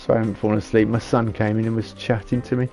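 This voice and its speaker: A man's voice: lowish voice, flat delivery, rapid-fire, mellow, soft background music. A man, giving casual gameplay commentary and rambling as he thinks aloud while building. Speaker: gamer.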